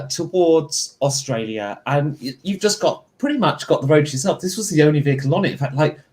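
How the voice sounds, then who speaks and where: Slightly high-voiced man narrating as game master. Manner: rambling, relaxed narration with fillers.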